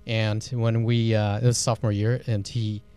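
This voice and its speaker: A man's voice: on the low side, normal speed, clean tone. Laid back california guy telling a funny story on the radio. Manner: relaxed storyteller, laughs at own anecdote. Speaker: radio co-host. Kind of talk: casual radio talk.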